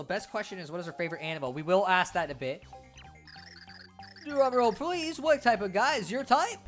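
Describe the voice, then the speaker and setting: A young adult woman streaming a video game, talking casually and swearing freely. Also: fairly low pitch. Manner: profane, quick, chatty. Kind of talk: casual gameplay commentary.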